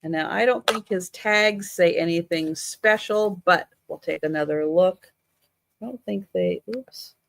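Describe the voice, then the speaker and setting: A woman hosting a live online vintage sale, describing items in a relaxed, chatty way with lots of fillers. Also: on the low side, creaky, slight background noise. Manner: unhurried, chatty with many fillers. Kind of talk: casual live selling.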